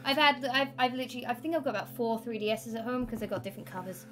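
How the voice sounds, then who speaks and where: A woman's voice: a little high, steady tone, a bit bright, faint music behind. A woman chatting casually as a guest, bubbly and gushing about games. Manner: bubbly, gushing, quick to laugh. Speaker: guest co-host. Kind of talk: casual chat.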